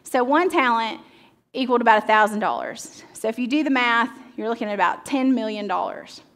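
A woman's voice: on the high side, expressive, a little fast, fairly bright tone. A woman teaching pastor giving a sermon, reading scripture dramatically and asking the audience questions.

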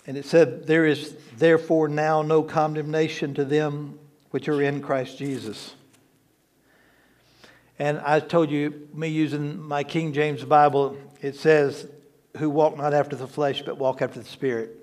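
A male pastor delivers a sermon in a fairly high-pitched voice. He hammers key words again and again for emphasis, then slips into light, joking asides. The delivery is conversational rather than formal. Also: level tone, measured pace, darkish tone. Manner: emphatic, repeats words for stress; conversational preaching with asides and humor. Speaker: lead pastor.

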